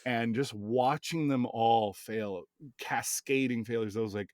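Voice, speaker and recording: A man who runs tabletop games, telling stories from his campaign in relaxed, rambling podcast chat. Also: mid-range voice, unhurried, dry recording, studio quality. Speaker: game master.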